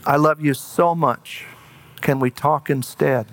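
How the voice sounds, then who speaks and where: A man preaching a sermon in an earnest way, slowing down and dropping to a hush for emphasis. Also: fairly high pitch, fairly even intonation.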